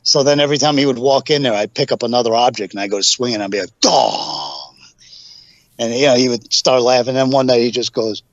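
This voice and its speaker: A man's voice: mid-range voice, steady tone, rapid-fire, hardly any pauses, no room sound. A man telling road stories as a podcast guest, rambling through anecdotes full of fillers. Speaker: podcast guest, pro wrestler. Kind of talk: casual storytelling interview. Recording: dull lo-fi podcast audio.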